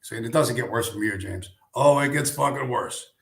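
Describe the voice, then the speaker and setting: A man's voice: medium pitch, normal speed, gravelly, roomy sound. A man hosting a live stream, ranting in a casual way, sarcastic and profane, firing off rhetorical questions.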